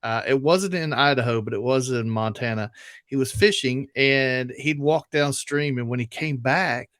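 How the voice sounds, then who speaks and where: A man hosting a podcast, relaxed, retelling a story with some "uh" and "um". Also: medium pitch, normal speed, no room sound, clean studio sound. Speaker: podcast host. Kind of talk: casual chat.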